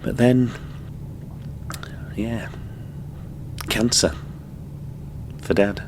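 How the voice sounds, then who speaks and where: Guy doing a quiet tired son, low slow voice. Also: background noise. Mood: subdued. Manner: halting, subdued, reflective. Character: weary grown son of abused mother.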